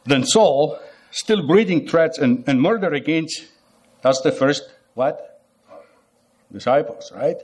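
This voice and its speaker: Emphatic higher-voiced male preacher. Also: expressive, takes it slowly, long pauses, a little mellow, breathy edge. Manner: emphatic, repeats phrases, asks the listeners rhetorical questions. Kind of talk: sermon.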